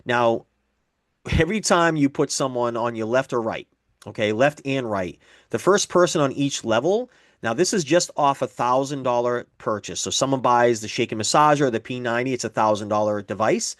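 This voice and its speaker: A man's voice: mid-range voice, moderate pace, no echo, clean studio sound. A man giving a business presentation, explaining figures step by step and acting out sample conversations. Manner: explanatory, repeats figures, acts out sample dialogue.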